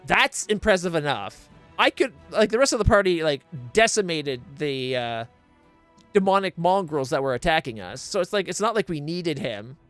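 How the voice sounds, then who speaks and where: A man's voice: on the high side, very animated, moderate pace, fairly bright tone, faint music behind. A man streaming a game blind, ranting in exasperated, profane casual commentary into a desk mic.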